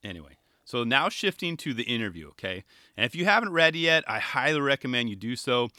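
A young man giving casual solo commentary on skateboarding, excitable and rambling, firing off rhetorical questions. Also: medium pitch, fast talker, dry recording, clean studio sound.

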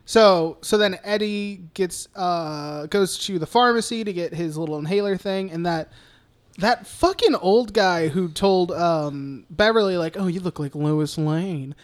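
Speaking at a measured pace, this co-host has a high-sitting, clear, resonant voice. His casual film recap is profane and meandering, with fillers like "like" and "uh" plugging every gap.

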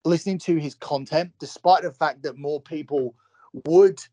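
A man's voice: on the high side, moderate pace, warm tone, dry recording. Young man, guest on a podcast. Emphatic, profane, repeats himself for force. Dry recording. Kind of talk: heated casual chat.

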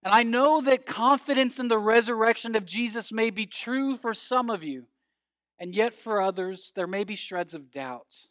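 Earnest pastor preaching, dry sound. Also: male voice, high-pitched, moderate pace, fairly bright tone, no echo. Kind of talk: sermon with scripture reading and storytelling.

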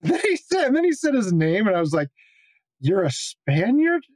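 A man in casual movie chat, profane and laughing, telling animated stories. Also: sits high, fast talker, no room sound. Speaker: podcast co-host.

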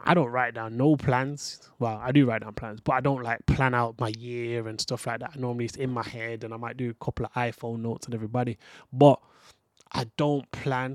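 A man's voice: mid-range voice, a little mellow, dry recording, studio quality. A young man hosting a motivational podcast monologue, earnest and reflective, talking straight to the listener. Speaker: podcast host.

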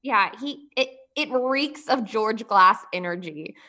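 Woman co-host, bright and slightly high voice, animated recap chat, laughs a lot. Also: takes it slowly. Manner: animated, laughs often, slangy. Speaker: podcast co-host.

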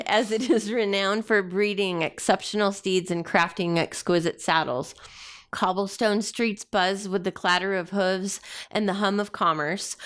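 A woman's voice: medium pitch, fairly bright tone, clean tone. A woman narrating a tabletop game as game master, describing scenes in detail. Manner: descriptive narration with laughing stumbles.

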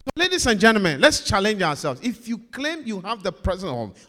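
A male pastor preaches with a fairly high voice that leaps up and down. He repeats key phrases and swings between loud emphasis and hushed asides. His words ring out in a long, echoing church hall. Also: sing-song, brisk. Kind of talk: sermon.

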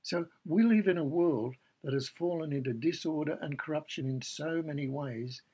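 A man's voice: on the high side, moderate pace, warm tone, a little hiss or hum, poor audio. A man preaching a sermon, earnestly explaining scripture and reading passages aloud.

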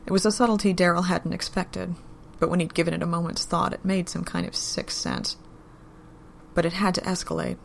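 A woman narrating a story in a steady, unhurried audiobook-style reading. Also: on the low side, creaky, slight background noise.

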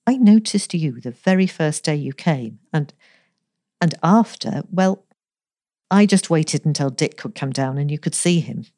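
A woman reading the part of an earnest young man courting a girl in a storybook, gently and sincerely. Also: deep voice, animated, a little slow, no echo, clean studio sound.

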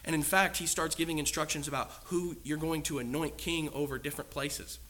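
A man's voice: on the high side, fairly even intonation, a little fast, sharp tone. A man preaching a sermon in an earnest, emphatic way, asking the congregation many rhetorical questions.

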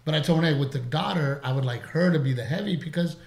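A man hosting a casual interview chat as a comedian, telling stories with lively asides. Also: on the high side, fast talker, vocal fry. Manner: animated storyteller, quotes people in put-on voices. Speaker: podcast host and comedian. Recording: roomy echo.

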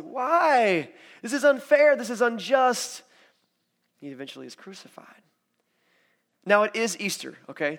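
A man preaching a sermon in a conversational, animated storytelling way, acting out quotes as he goes. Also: on the high side. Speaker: pastor.

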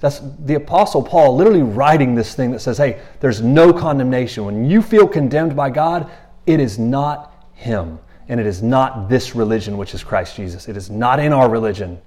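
A man's voice: medium pitch, moderate pace. A man preaching in a loose, conversational way, repeating himself and briefly acting out the people he quotes. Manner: animated, repeats himself, acts out quotes in passing. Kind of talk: conversational sermon.

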